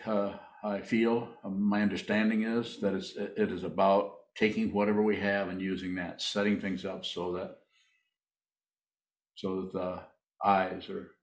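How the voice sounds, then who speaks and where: Deep-voiced man teaching in an echoey hall. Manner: slow, halting, repeats phrases. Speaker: meditation teacher. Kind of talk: Q&A in a dharma talk. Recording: echoey room from far off.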